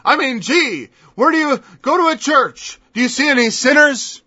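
A man's voice: very high voice, animated, moderate pace, pushed and bright, no room sound. A man preaching a sermon in an emphatic style, firing off mocking rhetorical questions. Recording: dull lo-fi dry recording.

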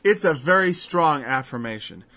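A man's voice: a little high, animated, normal speed, pushed and bright. A man preaching a verse-by-verse Bible teaching in a conversational way, acting out the people he quotes in changed voices. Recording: dull lo-fi recording.

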